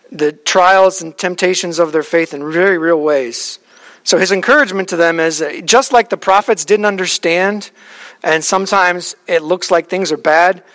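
A man's voice: high voice, pushed and bright. A man in his thirties, a pastor, preaching a conversational sermon with personal stories and frequent restarts. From Alaska.

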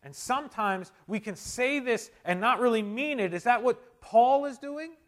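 A male pastor preaching a sermon, moving between loud emphatic climaxes and quiet, intimate stretches. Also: extremely high pitch, normal speed. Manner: tells humorous anecdotes, shouting quoted amens.

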